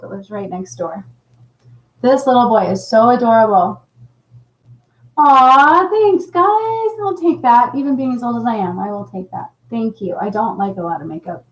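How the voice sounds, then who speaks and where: A middle-aged woman hosting a casual livestream, chatting and reading viewer comments with a laughing, animated manner. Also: fairly high pitch, roomy sound, low-quality recording. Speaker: livestream host.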